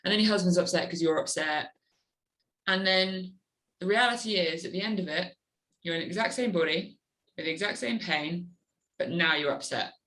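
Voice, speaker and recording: A woman's voice: on the low side, moderate pace, poor audio. Woman guest, earnest, open, conversational interview voice. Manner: earnest, animated when acting out her inner voice. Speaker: guest, adventure motorcyclist. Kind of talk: candid interview talk.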